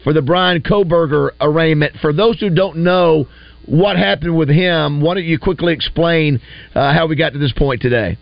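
Gravelly radio guy chatting on a morning show, lots of uh and restarts, dull dry sound. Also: a little high, no room sound. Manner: chatty, halting with many fillers and restarts. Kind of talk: casual morning radio chat.

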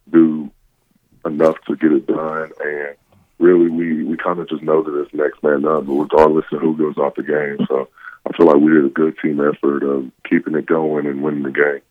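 A young man from Arkansas, a college basketball player, talking softly and evenly on a phone call to a radio show from his hotel. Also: a bass voice, no echo. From Fort Smith, Arkansas. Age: young adult. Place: hotel room. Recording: dry tinny phone line.

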